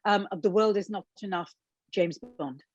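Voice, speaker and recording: A woman's voice: mid-range voice, moderate pace, no echo. Woman, host, casual chat, effusive, says darling, dry muffled lo-fi sound. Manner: gushing, calls the guest darling. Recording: dull dry lo-fi audio.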